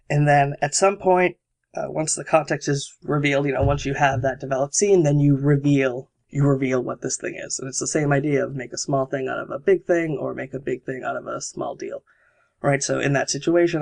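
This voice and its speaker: A man's voice: mid-range voice, steady tone, fairly quick, vocal fry, darkish tone. A man hosting a podcast, casually explaining exercises step by step with examples. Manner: explanatory, walks through steps with examples. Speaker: podcast host.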